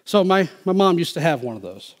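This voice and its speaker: A male pastor preaching a sermon, emphatic and swinging from quiet asides to loud, driving lines. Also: on the high side, very animated, a little fast.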